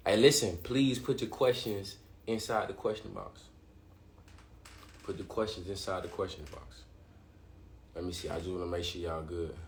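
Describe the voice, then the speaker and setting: Excitable man talking in an echoey room. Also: low-pitched, normal speed, long pauses, slight background noise. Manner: excitable, repeats and restarts, casual slang. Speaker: livestream host. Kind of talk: live-streamed talk to viewers.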